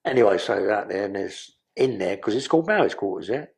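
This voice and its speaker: A man tells a story in a rambling way, full of swearing and street slang. His voice is gravelly and husky. His pitch rises and falls widely as he talks. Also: expressive, a little fast. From London. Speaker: podcast guest. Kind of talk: casual storytelling.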